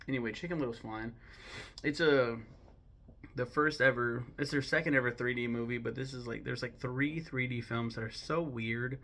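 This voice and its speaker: Gravelly young man, chatty film ranking. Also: medium pitch, fairly even intonation, moderate pace, fairly bright tone. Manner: chatty, digressive, many ums and self-corrections. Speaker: host ranking films. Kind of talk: casual opinionated commentary.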